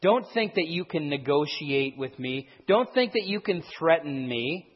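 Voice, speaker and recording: A man's voice: fairly high pitch, animated, unhurried, slightly rough. A man explaining a Bible passage verse by verse, with restarts and emphatic stresses. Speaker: Bible teacher. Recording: dull sound with a long hall echo.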